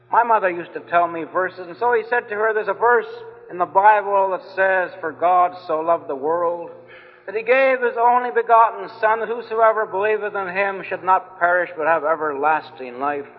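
A man's voice: high-pitched, moderate pace, phone-quality sound. Fervent preacher man, old hall recording. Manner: fervent, pleading, repeating phrases. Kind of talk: evangelistic sermon. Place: meeting hall.

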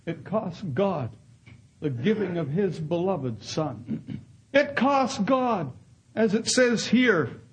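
Earnest male preacher, high husky voice, storytelling sermon. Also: very animated, slow pace, low-quality recording. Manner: earnest, acts out voices in quoted dialogue. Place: Canada.

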